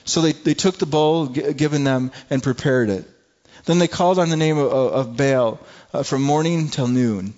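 A man's voice: medium pitch, moderate pace, darkish tone, dull audio. A man preaching a sermon, reading scripture aloud and asking the listeners rhetorical questions, often repeating and restarting words.

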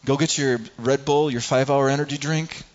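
A middle-aged man delivers a sermon in a conversational way, stumbling over and repeating words as he goes. His voice sits at a mid pitch for a man. The recording is a bit dull and lo-fi. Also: fairly even intonation, fairly quick. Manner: conversational preaching, acts out everyday people, frequent repeats. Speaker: pastor.

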